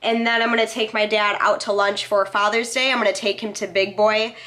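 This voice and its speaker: A woman's voice: mid-range voice, steady tone, brisk, bright, forceful tone. A woman in her twenties vlogging casually to the camera, chatty and bubbly, with a nasal, stuffed-up voice from a cold. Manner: chatty, bubbly, with frequent swearing. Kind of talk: casual vlog talk to camera.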